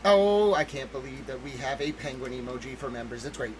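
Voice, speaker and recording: A man hosting a livestream, talking in an excitable, emphatic way and greeting chat members by name. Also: mid-range voice, fairly quick, rough recording. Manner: excitable, emphatic, keeps repeating "listen to me". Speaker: livestream host. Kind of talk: livestream commentary.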